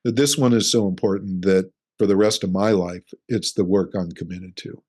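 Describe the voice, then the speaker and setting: In a low, darkish voice at normal speed, the middle-aged relationship coach talks earnestly through a casual interview. Acted-out examples help him explain his ideas.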